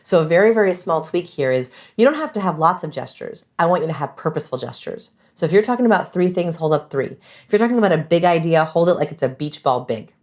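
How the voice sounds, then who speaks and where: A woman guest giving animated, emphatic interview answers about communication, acting out example phrases. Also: deep voice, fast talker.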